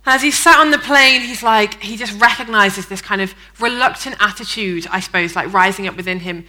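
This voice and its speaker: Bright-voiced woman pastor preaching. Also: medium pitch, brisk, poor audio. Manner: conversational storytelling with fillers; lively, acts out the people in the story. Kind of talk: sermon.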